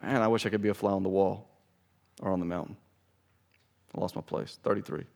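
A man's voice: low voice, fairly even intonation, brisk, vocal fry, darkish tone. A man preaching a sermon to his church, emphatic and pleading, stressing key phrases. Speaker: pastor. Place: church sanctuary.

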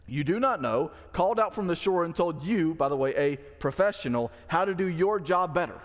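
A pastor giving a conversational sermon in church, acting out the quoted lines of the story he is teaching. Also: fairly high pitch. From Mississippi. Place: church sanctuary. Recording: long church hall reverb.

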